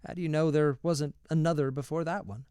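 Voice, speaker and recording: A man's voice: fairly high pitch, fairly even intonation, brisk, warm tone, smooth, no echo, clean studio sound, lightly acted. A man reading aloud, voicing a tart, spry old grandmother who brushes off questions. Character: tart old grandmother come back to life.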